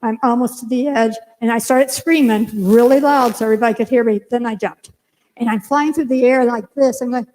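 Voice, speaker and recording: An older woman minister preaching a sermon, telling a lively personal story and acting out her own lines in a church sanctuary. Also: on the high side, a little fast. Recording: long hall reverb.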